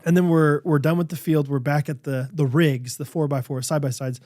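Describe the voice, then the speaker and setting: A man's voice: fairly high pitch, a little fast, no room sound, studio quality. A young man co-hosting a podcast, telling a hunting story in casual chat with lots of fillers. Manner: animated storyteller, many fillers. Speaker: podcast co-host. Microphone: studio microphone.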